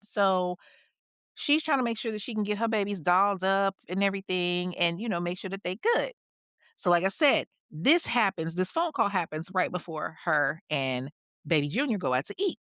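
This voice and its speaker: A woman's voice: on the low side, expressive, normal speed, a bit bright, no room sound, clean studio sound. Chatty woman telling a true crime story. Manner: casual, slangy, chatty asides. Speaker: podcast host narrating a true crime story.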